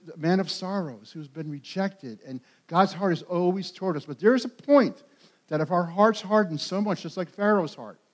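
A man with a high voice preaches to his congregation. His delivery is animated and emphatic, swelling to loud peaks with repeated words and quick restarts. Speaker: pastor. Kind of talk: sermon.

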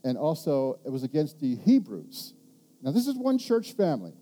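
Animated, dark-voiced pastor preaching. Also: male voice, a little high, normal speed. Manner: animated, rambling, frequent restarts and rhetorical questions. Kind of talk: sermon.

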